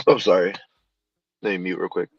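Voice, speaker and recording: A man's voice: low-pitched, little pitch movement, unhurried, gravelly, slightly rough, no room sound. A man joining a live stream panel by call, talking in a laid-back, profane drawl. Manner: laid-back, drawling, says bro and you know. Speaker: panel guest. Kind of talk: casual profane chat. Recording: dull lo-fi call audio, faint noise.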